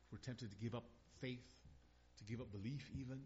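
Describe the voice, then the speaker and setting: A man's voice: mid-range voice, fairly even intonation, a little fast, a little mellow. A middle-aged man preaching a sermon as a pastor, earnest and building to emphatic repeated phrases. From northern Minnesota. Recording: dull lo-fi sound.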